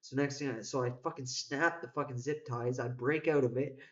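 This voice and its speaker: A man's voice: medium pitch, steady tone, fairly quick, dull audio. Rambling, profane man telling a story. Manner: rambling, profane, frequent restarts. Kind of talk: casual spoken storytelling.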